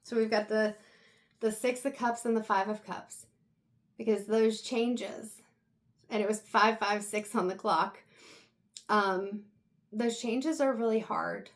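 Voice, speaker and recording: Soft-spoken woman giving a tarot reading. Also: mid-range voice, fairly even intonation. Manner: soft, reflective, halting with pauses. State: emotional, close to tears. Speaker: tarot reader.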